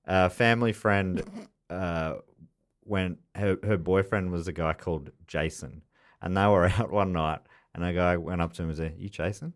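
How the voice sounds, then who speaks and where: A man's voice: deep voice, fairly even intonation. A man co-hosting a podcast, joking and telling anecdotes in casual banter. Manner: joking, quick to riff and tell anecdotes. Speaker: podcast co-host.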